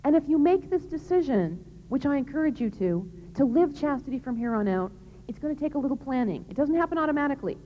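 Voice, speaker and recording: A woman's voice: high-pitched, lively intonation, fast talker. A woman giving an earnest, emphatic religious talk to young people in a large hall. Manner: earnest, emphatic, plain-spoken. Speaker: speaker on chastity. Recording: dull lo-fi recording in a reverberant hall.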